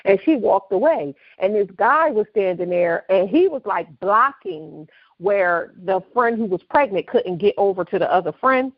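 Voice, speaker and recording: An animated woman, retelling a story to her co-host and slipping into the voices of the people in it. The sound is dry and a little dull, like a lo-fi studio mic. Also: medium pitch, moderate pace, dry recording. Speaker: podcast co-host. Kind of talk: casual storytelling chat.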